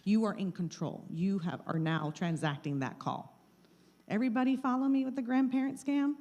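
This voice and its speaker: Middle-aged woman, mid pitch, live community talk on scams; plain, repeated warnings into a handheld mic. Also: moderate pace, dark tone, dull audio. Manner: plain, repetitive warnings, acts out scam calls. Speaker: presenter of a scam-awareness talk. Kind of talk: live talk to a small audience. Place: meeting room with an audience.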